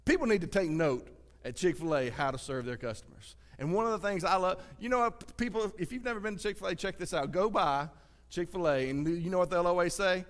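A man with a Southern US accent preaching a sermon as pastor, swinging from loud exclamations to hushed asides. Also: high voice, brisk. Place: church sanctuary. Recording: reverberant church sanctuary.

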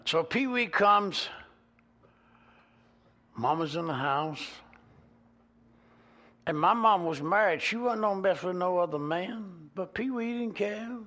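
A man with a Georgia Southern accent, preaching a sermon as a pastor and telling folksy stories with animated swings in volume. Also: sits high, slow pace, pauses often. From Georgia, USA. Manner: animated, folksy, swings between loud and soft.

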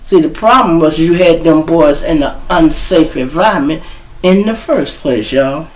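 A man runs his own live show, telling stories straight to his audience. His voice sits a little high for a man, and he swings from low mutters to sudden loud outbursts. He cusses freely all the way through. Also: moderate pace, rough recording. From Chicago. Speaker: show host and storyteller. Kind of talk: casual monologue to a live audience. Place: home room.

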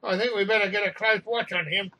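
Guy playing a jittery steward, worried, stumbling over words, bright voice. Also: high voice, steady tone, fast talker, far from the mic, full character voice. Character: nervous male flight steward, worried and fussy.

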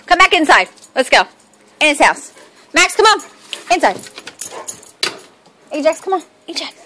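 A woman's voice: sits high, very animated, moderate pace, sharp tone, a little hiss or hum. A woman calling and coaxing her pet dogs in a sing-song baby-talk voice. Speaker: pet owner.

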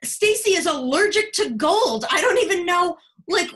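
Young woman, high bright voice, stammering improv granddaughter. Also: animated, moderate pace. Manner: hesitant, stammering restarts. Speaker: improv performer playing a granddaughter. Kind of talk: improvised comedy scene. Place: home video call.

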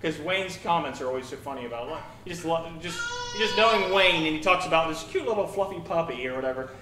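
A young adult man preaching a sermon to his congregation, telling personal stories in an animated, joking way. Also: on the high side, fast, noisy background. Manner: animated, jokey storytelling. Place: church hall. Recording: roomy church hall.

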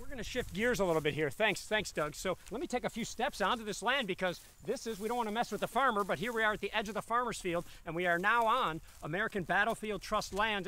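A man hosting a live outdoor presentation at the edge of a farm field. He talks in an energetic, chatty way and drops in quick asides. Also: high-pitched. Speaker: host for a preservation organization.

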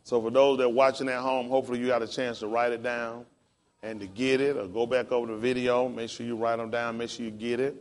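A pastor teaching a class in a casual, encouraging way, spelling words out letter by letter. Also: male voice, mid-range voice, level tone, fast talker.

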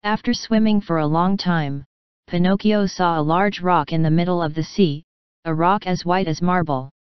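A woman narrating a classic children's storybook in a calm, even manner. Her voice is smooth and clear, sitting on the low side. It sounds dry and close, with a slightly dull recording. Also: moderate pace, dry recording. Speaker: audiobook narrator. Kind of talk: scripted narration.

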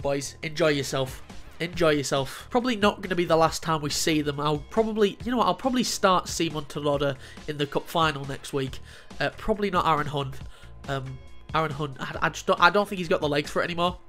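A young man doing excitable, jokey let's play commentary while he plays a football game, swearing often. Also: a little high. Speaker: gaming YouTuber.

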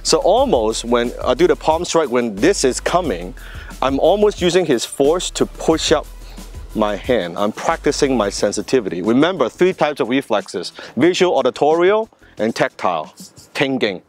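A man's voice: mid-range voice, very animated, moderate pace, faint music behind. Man teaching a drill step by step. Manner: explains step by step, checks in with "right?" and "see that?". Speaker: martial arts instructor. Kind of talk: hands-on demonstration lesson.

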